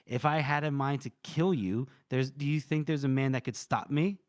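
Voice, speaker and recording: A man voicing a grim, menacing male warlord in a low, flat, threatening read while retelling a story. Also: normal speed, no room sound, studio quality, lightly acted.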